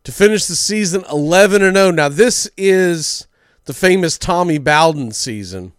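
Male sports radio host, chatty storyteller, slightly high voice, dry close mic. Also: lively intonation, moderate pace, clean tone, no room sound. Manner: storytelling, chatty with small slips.

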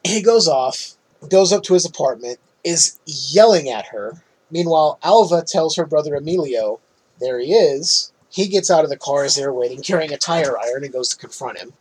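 A man's voice: a little high, lively intonation, moderate pace, darkish tone, rough recording. A man casually recapping a film's ending as a podcast host, chatty and often laughing.

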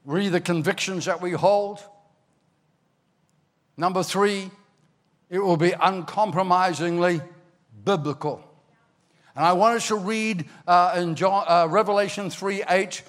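An older man from Ireland, preaching a sermon as a pastor, telling stories with animated bursts into shouting. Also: high-pitched, a little slow, pauses often. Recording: long hall reverb.

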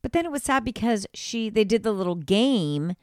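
A woman's voice: fairly high pitch, expressive, normal speed, darkish tone, no room sound, clean studio sound. A woman co-hosting a podcast, chatting casually about a reality show in a blunt, emphatic way with some swearing. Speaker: podcast co-host.

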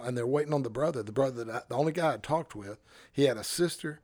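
Animated male pastor telling a story. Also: medium pitch, very fast, no echo. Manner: animated, self-interrupting, chuckles through his story. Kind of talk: casual storytelling on a podcast.

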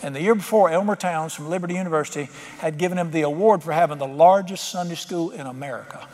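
A man's voice: a little high, quick pace, darkish tone, in a large hall. A man preaching a sermon, telling a story and building to fervent emphasis. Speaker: pastor.

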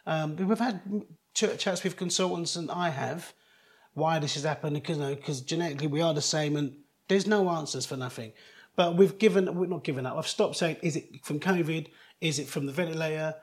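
Earnest middle-aged man, halting. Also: fairly high pitch. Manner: earnest, halting, many restarts. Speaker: guest, DJ. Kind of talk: personal storytelling in an interview.

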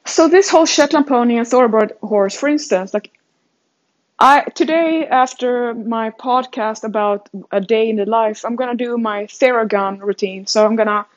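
A fitness coach from Sweden talks through her thoughts in a casual, rambling monologue, mocking herself and restarting her sentences often. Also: a little high. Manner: rambling and self-mocking, many restarts and laughs. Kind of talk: casual self-reflective monologue. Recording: dull lo-fi sound.

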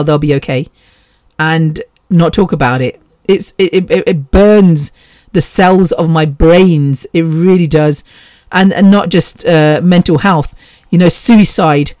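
A woman's voice: fairly low pitch, a little mellow, no echo. A middle-aged woman from England with a British accent, hosting a casual solo podcast. She talks in a rambling way, laughs often and swears freely. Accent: British English. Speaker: podcast host.

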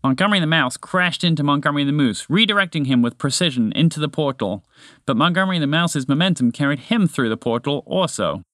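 A man reading a children's story aloud in a lively, expressive way. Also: fairly high pitch, fast, dry recording, clean studio sound.

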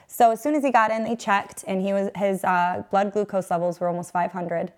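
A woman's voice: mid-range voice, fairly even intonation, fairly quick, hardly any pauses. Earnest woman, 30s, emotional testimony-style storytelling in an interview. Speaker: guest, mother.

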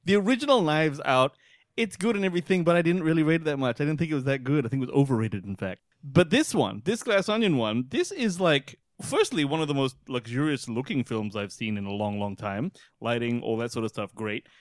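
A man's voice: medium pitch, expressive, a little fast, no echo, studio quality. A man from Australia co-hosting a film podcast, talking casually, swearing freely and laughing often. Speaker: podcast co-host.

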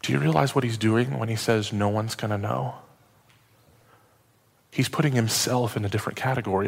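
A male pastor preaching a sermon in a conversational, self-deprecating way, dropping to hushed tones at the emotional moments of a story. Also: mid-range voice, steady tone, fairly quick, creaky, long pauses, breathy edge, in a large hall.

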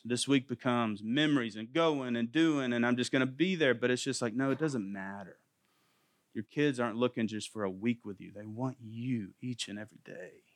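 A man's voice: medium pitch, no room sound, studio quality. A man in his thirties giving an earnest, faith-based parenting talk, repeating phrases for emphasis. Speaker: parenting class teacher.

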